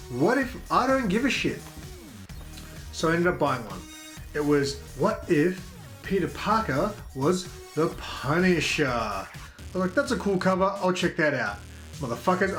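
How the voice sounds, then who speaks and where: A man's voice: on the high side, fairly bright tone. An Australian man hosting a comedy show, ranting in a brash, profane, mock-aggressive way. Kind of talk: crude comedic rant.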